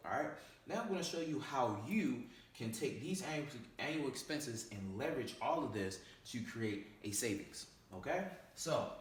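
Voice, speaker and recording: A man talks through a personal finance lesson with an emphatic, repetitive style, tagging each point with "okay?" or "all right?". His voice sits at a middle pitch. The sound bounces around a very echoey room. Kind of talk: casual explainer video.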